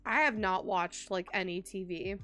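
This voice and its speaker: A young woman from Texas streaming a game from home, chatting warmly and answering her viewers. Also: mid-range voice, moderate pace, faint music behind. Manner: chatty and warm, reads and answers chat. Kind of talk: casual live-stream chat.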